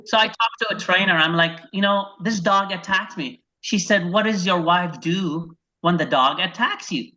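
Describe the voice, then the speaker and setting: A man from Iraq doing a stand-up set over a video call, telling deadpan one-liners and acting out his wife and his dog. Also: high voice, moderate pace, few pauses. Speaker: stand-up comedian. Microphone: video call microphone. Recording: dull lo-fi video call audio.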